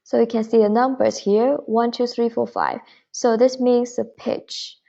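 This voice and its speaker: A woman teaching a beginner Mandarin lesson, patiently and clearly demonstrating tones. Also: on the high side, flat delivery, measured pace, mellow, lo-fi sound.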